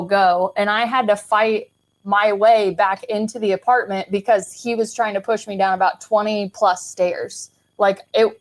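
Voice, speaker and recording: A woman's voice: mid-range voice, a little mellow. A young adult woman from the American Midwest, a podcast guest, telling her personal story in a frank, chatty way with lots of "like" and casual swearing. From Kansas City, Missouri, US.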